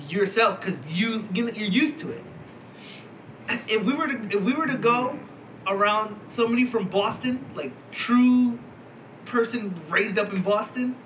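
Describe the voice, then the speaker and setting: Bright, high-voiced man rambling. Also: measured pace, pauses often, a little hiss or hum, low-quality recording. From Philadelphia. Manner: rambling, laughs often, swears casually. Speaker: podcast co-host. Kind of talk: casual chat.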